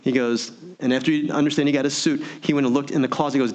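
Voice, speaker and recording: A man giving an energetic motivational keynote, full of rhetorical questions and audience prompts. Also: medium pitch, quick pace, hardly any pauses. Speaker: motivational speaker. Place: virtual meeting event.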